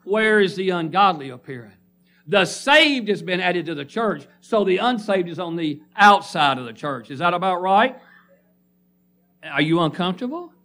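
A man's voice: sits high, expressive, normal speed, sharp tone. Emphatic preacher man. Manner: emphatic call-and-response preaching. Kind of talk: sermon. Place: church congregation.

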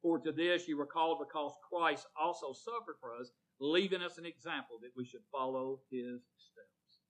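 A male pastor preaching a sermon, calling on his congregation by name and asking for amens, rising loud on key words and dropping low. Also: normal speed, rough recording. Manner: calls on congregation members by name, asks for amens; swells loud on emphasis, drops to near murmur.

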